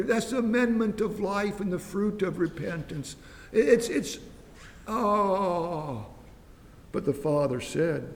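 A man preaching a fervent, pleading sermon, swinging between loud and hushed. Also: animated, slow. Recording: long reverb, faint rumble.

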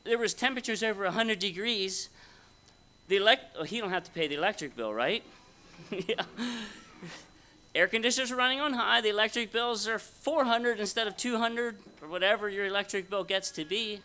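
A man's voice: high-pitched, lively intonation, a little fast, sharp tone, smooth. A man preaching a conversational, folksy sermon at a Bible conference, often asking his audience questions. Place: conference hall before an audience.

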